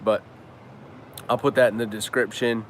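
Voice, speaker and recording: A man's voice: on the low side, steady tone, normal speed, slight background noise. A man hosting a casual live stream and answering viewer questions in a loose, slangy way, cussing freely. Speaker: business owner and trainer hosting a live stream.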